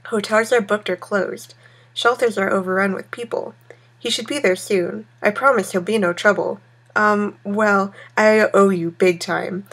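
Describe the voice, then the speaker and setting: A woman voicing a tired young man calling a friend by phone, in a breathy, sleepy way, in a text game read aloud. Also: medium pitch, steady tone, a little slow, a bit bright. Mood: friendly.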